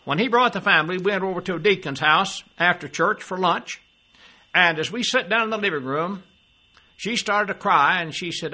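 An older preacher with a high, bright, forceful voice moves at a moderate pace through his sermon. He quotes a scripture passage, explains it, and repeatedly asks his audience questions.

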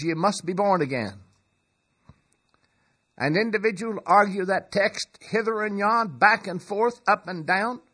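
A man preaching a sermon, slow and measured, swelling to loud emphatic peaks. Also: a little high, slightly rough.

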